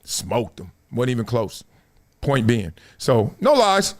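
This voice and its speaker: A man hosting a sports talk show, telling stories in a casual, slangy monologue that swings between loud bursts and low mutters. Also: big pitch swings, slow pace.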